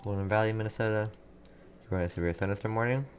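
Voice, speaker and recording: A man's voice: on the low side, quick pace, a little hiss or hum. A young man hosting a casual live weather stream from his desk, reading viewers' comments and repeating town names as he gives storm alerts. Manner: casual, distracted, repeats place names from chat. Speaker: livestream weather host.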